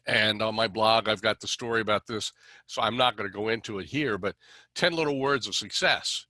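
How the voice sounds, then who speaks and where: A man's voice: lowish voice, brisk, bright, forceful tone, dry recording. A middle-aged man hosting a podcast interview, talking conversationally, affirming his guest and adding a little dry sarcasm. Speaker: podcast host.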